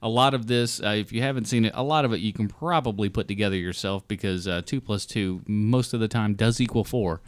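Halting, restart-prone male podcast host. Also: on the low side, smooth. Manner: halting, many restarts and fillers, swears casually. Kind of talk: casual film discussion.

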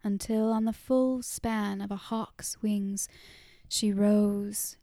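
A woman reads a story as a whispered role-play, keeping her voice a soft, breathy hush. She takes her time over every phrase, her tone dark and mellow. The sound is close and dry. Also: mid-range voice, fairly even intonation, no room sound. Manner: soft unvoiced whisper, slow and hushed. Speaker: narrator.

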